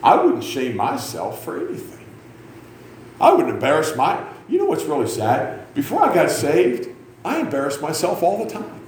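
A man's voice: on the high side, wildly swooping pitch, normal speed, reverberant, slight background noise. Rowdy preacher in his fifties. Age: 50s. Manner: loud, rowdy and self-mocking, with sudden shouts. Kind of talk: sermon. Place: church sanctuary.

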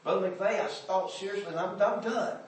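A man's voice: high voice, brisk, slight background noise. A man preaching a sermon in folksy, plain-spoken speech. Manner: folksy, dialect grammar, builds from hush to shouting. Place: church. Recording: echoey hall from far off.

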